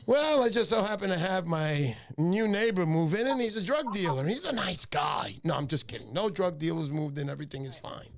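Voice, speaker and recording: High, lively, gravelly New host. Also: male voice, fairly quick, hardly any pauses. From New York. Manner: animated, joking, rambling. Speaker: livestream fishing show host. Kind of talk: casual livestream chat.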